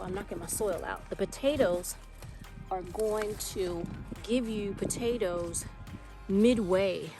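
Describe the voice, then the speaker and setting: A woman vlogging in her garden, chatting and thinking aloud as she plants potatoes. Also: lowish voice. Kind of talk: casual garden walkthrough. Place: outdoor garden. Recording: music bed under voice. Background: music.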